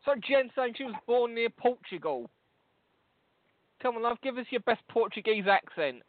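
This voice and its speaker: A man's voice: extremely high pitch, animated, normal speed. A man with a London accent co-hosting a podcast, teasing and swearing in rambling casual banter. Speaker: podcast co-host. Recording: tinny phone-like line, dry.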